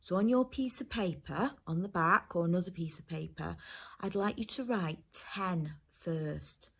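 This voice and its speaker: English lady teacher going through phonics, slow and careful, sounds each letter out, lowish voice. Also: vocal fry, a bit bright, breathy edge. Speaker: primary school teacher. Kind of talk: phonics lesson for children and parents.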